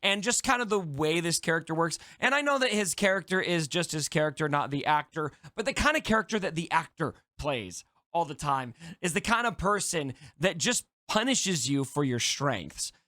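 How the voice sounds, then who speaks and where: A man appearing as a guest, talking enthusiastically and excitedly about game strategy. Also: fairly high pitch, moderate pace, hardly any pauses, dry recording, clean studio sound. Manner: excited, animated, hyped. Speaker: guest content creator. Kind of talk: enthusiastic gaming discussion.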